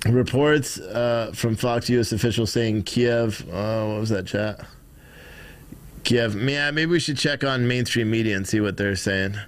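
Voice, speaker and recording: Casual American male streamer, mid-pitch, loose and chatty. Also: a little slow. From United States. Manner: loose, chatty, talks to his chat. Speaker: live stream host. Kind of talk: casual live commentary.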